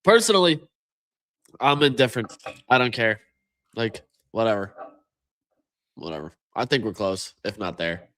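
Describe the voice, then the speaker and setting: Pria pembawa podcast, sinis dan datar. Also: male voice, expressive, moderate pace, long pauses, fairly bright tone, a little hiss or hum. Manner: dry sarcastic, low mumbled asides. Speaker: podcast co-host. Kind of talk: casual chat.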